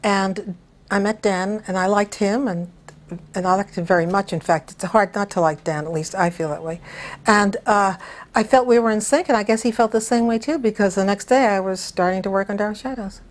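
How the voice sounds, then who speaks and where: An older woman, a television director, reminiscing in an interview with unhurried, anecdotal storytelling and frequent chuckles. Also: medium pitch.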